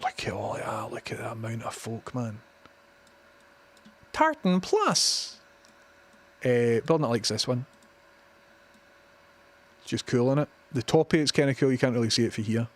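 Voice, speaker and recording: A man's voice: mid-range voice, darkish tone. Sweary Glaswegian man streaming live. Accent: Scottish, Glaswegian. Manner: sweary, opinionated, chatty. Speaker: livestreamer. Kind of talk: casual live-stream chat.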